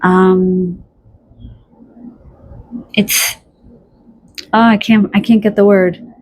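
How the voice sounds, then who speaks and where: A woman giving a channeled pick-a-card tarot reading in a chatty, spontaneous way, often pausing to search for words. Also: mid-range voice, level tone, a little mellow. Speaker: tarot reader.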